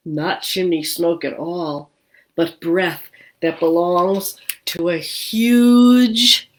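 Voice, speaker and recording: Slow, expressive woman reading a story. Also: on the low side. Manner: slow, expressive, asks the children questions. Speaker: children's librarian. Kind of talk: storytime read-aloud.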